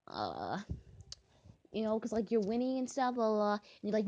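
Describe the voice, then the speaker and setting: While playing a game, a young gaming vlogger chats casually, sings songs she invents on the spot, and breaks into abrupt, frustrated squeals. She has a warm, medium-pitched voice with big pitch swings and a normal speed, heard in lo-fi sound.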